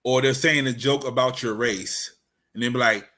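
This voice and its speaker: A man's voice: mid-range voice, normal speed. A man co-hosting a podcast in casual chat, explaining terms and asking questions. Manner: relaxed, explains and asks questions. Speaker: podcast co-host.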